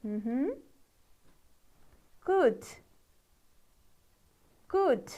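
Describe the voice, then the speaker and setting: Slow, lively Nepali-accented woman teacher. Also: high voice. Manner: slow, drawn-out model words with encouraging praise. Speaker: English teacher. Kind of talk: classroom pronunciation lesson.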